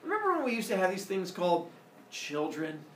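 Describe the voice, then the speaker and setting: A man's voice: high-pitched, huge pitch swings, brisk, a bit bright, exaggerated voice. Man doing a sweet, doting earth goddess. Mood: coaxing. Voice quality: raised, sing-song voice. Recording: roomy, distant mic, faint noise.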